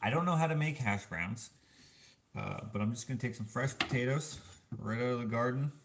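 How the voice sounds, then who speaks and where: A man's voice: mid-range voice, a little fast. A man from Canada rambling in casual chat to a live chat while he cooks in his home kitchen. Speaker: vlogger. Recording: clattering kitchen noise.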